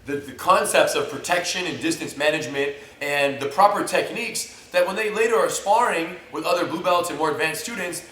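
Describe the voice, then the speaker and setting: A man who teaches jiu-jitsu and co-hosts, bantering casually with quick interjections and joking asides. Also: on the high side, sharp tone. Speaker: jiu-jitsu instructor and co-host. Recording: roomy and distant mic, faint hiss.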